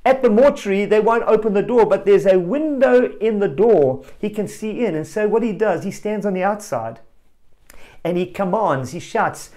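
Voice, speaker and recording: A male preacher giving a family sermon, telling a story with animated energy and calling out directly to children and parents. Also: sits high, moderate pace. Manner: animated storyteller, rising to loud exclamations.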